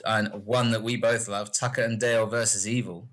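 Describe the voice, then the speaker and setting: A man's voice: on the low side, brisk. A man co-hosting a casual podcast, rambling through film scenes and acting out the characters. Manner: rambling, animated retelling of film scenes with put-on character voices. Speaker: podcast co-host. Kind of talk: casual chat about films.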